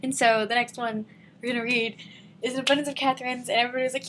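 A seventeen-year-old girl rambling and giggling in an excited fan vlog from her living room. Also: sits high, rapid-fire, slight background noise. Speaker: vlogger.

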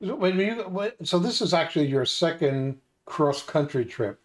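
A man's voice: on the high side, expressive, normal speed. An older man co-hosting a casual chat, steering the talk with many hesitations. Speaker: co-host.

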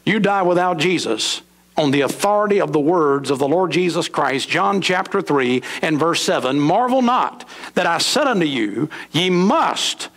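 A middle-aged man preaching a sermon in a church sanctuary, his voice pitched a touch high for a man. He leaps upward on emphatic lines and then sinks low and slow to drive each point home. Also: expressive, a bit bright. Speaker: pastor.

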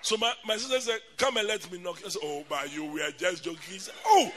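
A man, a bishop preaching a lively storytelling sermon at a church camp, who laughs often and talks straight to his audience. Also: high-pitched, quick pace, crowd noise. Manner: animated, laughing often, addresses the audience directly.

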